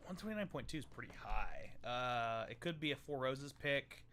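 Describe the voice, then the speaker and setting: Tasting bourbon on his livestream, a young host chats casually and cracks jokes. His medium-pitched voice is animated and sharp, at normal speed, with a little background noise.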